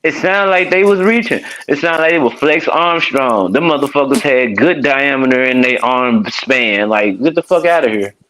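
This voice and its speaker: A man's voice: mid-range voice, normal speed, few pauses, a bit bright, slight background noise, low-quality recording. A man on a stream voice call, playful and crude, tossing out random jokes and laughing a lot. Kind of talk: casual group chat on a stream.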